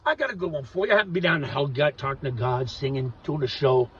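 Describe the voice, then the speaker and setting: A man delivering a rambling, profane monologue rant, volatile and swinging between loud outbursts and muttering. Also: mid-range voice, fast, slightly rough. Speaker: vlogger. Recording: distant dull recording with faint noise.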